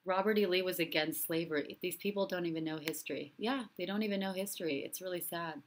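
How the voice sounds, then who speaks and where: A woman with a somewhat low voice hosts a live-stream commentary show. She speaks with an impassioned, repeating rhythm and stops now and then to read out viewer comments. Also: fast, a little hiss or hum. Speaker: host and relationship coach.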